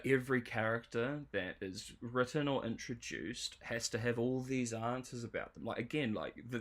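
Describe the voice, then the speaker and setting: A man's voice: medium pitch, a bit bright. Exasperated man ranting about a show. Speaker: show reviewer streamer. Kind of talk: livestream commentary.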